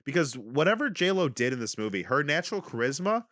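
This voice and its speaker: A young man co-hosting a podcast in casual chat, swearing a lot and acting out quotes in loud bursts. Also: on the high side, very animated, brisk, no room sound, studio quality. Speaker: podcast co-host.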